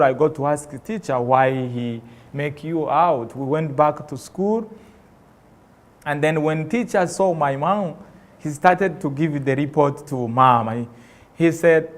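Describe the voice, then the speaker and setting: A man telling an emotional personal story on stage as a motivational speaker, acting out the voices in it and swinging from loud to soft. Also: a little high. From Rwanda. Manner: impassioned, acts out dialogue, swings loud and soft. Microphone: stage microphone.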